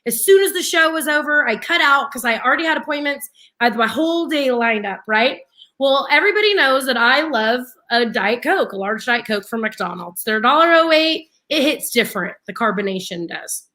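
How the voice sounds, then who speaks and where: A woman's voice: high-pitched, a little fast. A young adult woman co-hosting a radio show, telling a story animatedly and laughing often as she acts out what people said. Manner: animated, laughs often, slips into quoted voices. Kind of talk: casual morning-show storytelling.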